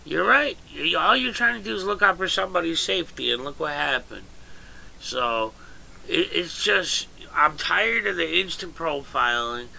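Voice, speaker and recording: A middle-aged man hosts a casual livestream, talking with emphasis. His voice is very gravelly and sharply bright, a little high. A faint noise sits behind him. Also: lively intonation, moderate pace, rough recording. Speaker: livestream host. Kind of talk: casual chat.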